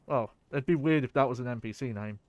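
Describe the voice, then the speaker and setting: A man's voice: medium pitch, fast, dry recording, lo-fi sound. Man, casual game stream chatter, rambling, close dry mic. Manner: rambling, chatty, swears and laughs. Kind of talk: casual gameplay commentary.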